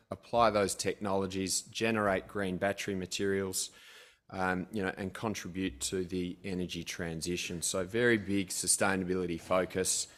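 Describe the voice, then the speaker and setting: Low-voiced man presenting to investors. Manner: conversational, uses "you know". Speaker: company presenter.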